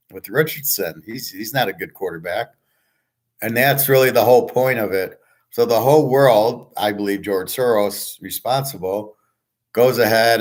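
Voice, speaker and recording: A middle-aged man hosting his own show, talking casually in a blunt, digressive way and swearing often. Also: mid-range voice. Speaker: host. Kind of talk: casual rambling talk.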